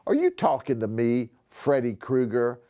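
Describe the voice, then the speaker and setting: Boy bully, menacing and sneering, read by a man; slow, low drawl. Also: huge pitch swings, mellow, muffled recording.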